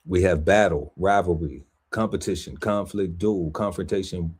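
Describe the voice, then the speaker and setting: A deep-voiced man co-hosting a podcast, working slowly through a list of words and tossing in playful asides. His voice is low and a little husky, and his delivery is unhurried. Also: fairly even intonation, darkish tone. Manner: lists words slowly, riffs playfully on them. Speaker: podcast co-host. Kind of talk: reading out a word list with banter.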